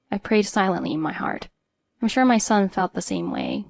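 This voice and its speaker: A woman's voice: medium pitch, huge pitch swings, moderate pace, gravelly, a little mellow. A woman narrating a first-person story in an earnest, emotional way.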